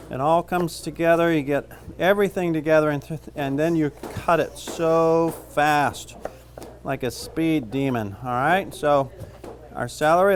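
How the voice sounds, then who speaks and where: A man with a slightly high voice teaches a cooking class, chatting casually and cracking jokes as he works. A pan fries and sizzles behind him, with faint background noise. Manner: casual, joking, talks while cooking. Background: frying and sizzling.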